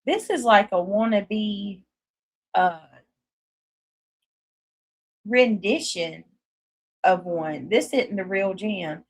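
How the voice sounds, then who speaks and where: Speaking very slowly with long pauses, this livestream host has a mid-range voice and a Southern accent. She reads comments and chats casually with viewers, cursing freely, and there's no room sound.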